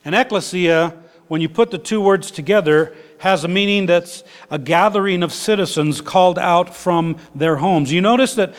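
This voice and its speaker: A man preaching a sermon in an easygoing, conversational way, with folksy turns of phrase. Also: high-pitched. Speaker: pastor. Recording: long hall reverb.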